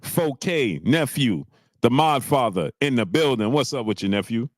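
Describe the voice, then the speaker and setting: A man's voice: medium pitch, no room sound. Exasperated male host, dry sound. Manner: animated, exasperated, drawn-out "bro". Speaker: livestream host. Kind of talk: casual boxing chat.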